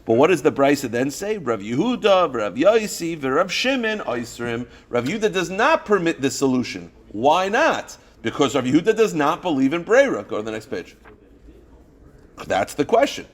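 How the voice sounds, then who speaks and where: An animated man teaches a Talmud lesson, his voice swinging widely up and down as he acts out each case. It sits a little high for a man. He keeps posing questions and answering them himself, dropping in a sound. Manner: animated, acts out cases in first person, asks and answers his own questions. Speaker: rabbi teaching a Talmud class. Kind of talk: Talmud lecture.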